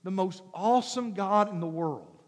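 A man pastor preaching an animated sermon, swinging between shouts and soft coaxing as he acts out voices. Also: sits high, moderate pace. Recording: long hall reverb.

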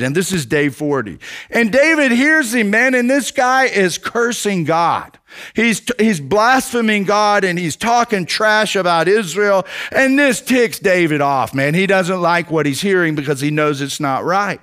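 High-voiced animated preacher man. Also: unhurried. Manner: animated retelling with acted-out quotes and fillers. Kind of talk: sermon storytelling.

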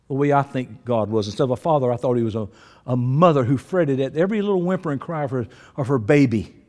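Older man, preacher, sermon, high voice, very animated, folksy storytelling, long church reverb. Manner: animated folksy storytelling, swinging between shouts and low asides.

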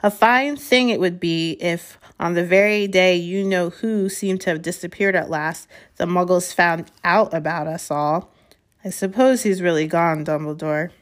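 A woman's voice: fairly low pitch, a little slow, lightly acted. A woman reading aloud, voicing a stern, impatient middle-aged female professor in a storybook. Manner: clipped, impatient.

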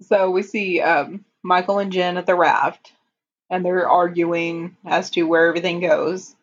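A woman's voice: fairly low pitch, steady tone, a little slow, lo-fi sound, slight background noise. A woman in casual chat, recapping a TV episode. She is chatty, laughs often and reads out lines in passing. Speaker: podcast co-host recapping a TV episode.

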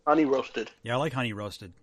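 A man's voice: mid-range voice, brisk, background noise. A man chatting casually as a podcast co-host, joking around.

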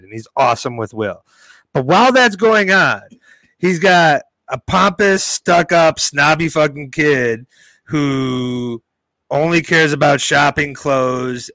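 A man giving a profane, animated opinion rant in casual podcast banter. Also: mid-range voice, no echo, rough recording.

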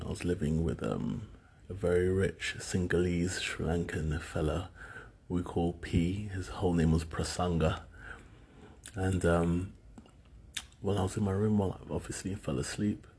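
Deep, creaky, and husky yet mellow, this UK man in his thirties speaks at a normal pace while describing his dreams on his own. It's a loose, meandering monologue, full of hesitation and filler words.

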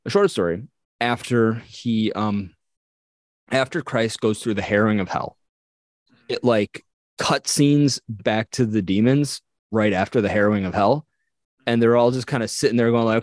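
On a podcast, a co-host with a mid-range pitch tells a story at a moderate pace in a casual chat, acting out the characters with little voices. The sound is close and dry, with no room around it.

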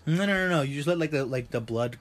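A man's voice: mid-range voice, animated, fast. Young guy podcasting, rambly and jokey, voice swings up and down a lot, lots of um and like. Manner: rambling and joking, swears, trails off with fillers. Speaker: podcast host. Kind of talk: casual chat.

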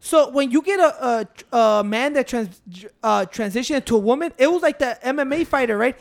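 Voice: sits high, expressive, fairly quick, vocal fry. A co-host in a casual chat, rambling along and dropping in Spanish fillers.

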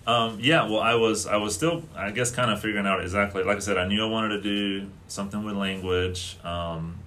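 Deep-voiced man, hesitant, faint hiss. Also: brisk, fairly bright tone. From North Carolina. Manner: hesitant, many fillers like um and like. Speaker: guest, Spanish teacher. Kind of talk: conversational interview.

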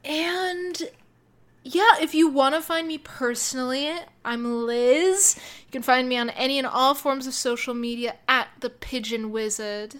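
High-voiced enthusiastic woman co-host. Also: measured pace, fairly bright tone. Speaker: podcast co-host. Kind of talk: casual chat.

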